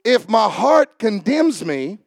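A high-pitched, gravelly male preacher rouses the congregation with questions and shouted lines. The sound is dry and close. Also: sing-song, takes it slowly, no echo. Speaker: pastor. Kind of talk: sermon.

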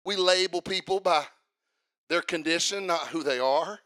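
A man preaching a sermon, fervent, building up to shouting and sing-song chanting. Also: fairly high pitch, moderate pace, no echo.

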